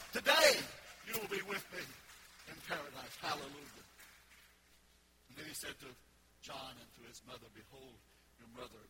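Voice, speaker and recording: A high-pitched man preaches a sermon in a church. He swings from quiet explanation to fervent, shouted quotations of scripture. Heavy background noise sits under his voice. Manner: preaching with rising fervor, shouting quoted words. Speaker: pastor. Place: church sanctuary.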